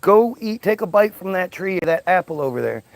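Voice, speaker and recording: A sly, rude talking snake put on by a man coaxes in a raised, hissing, gravelly voice. It sounds scheming and scornful. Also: high-pitched, animated, moderate pace, dry recording, voice pushed up.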